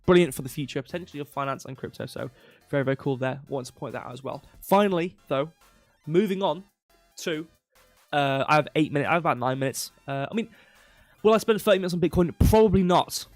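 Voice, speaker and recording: Rambling male crypto streamer, slightly hoarse. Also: a little high, fairly quick, dry recording, soft background music. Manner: rambling, self-interrupting, reads chat aloud. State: losing his voice, coughing. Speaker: crypto livestream host. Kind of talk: casual livestream chat. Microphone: desk mic.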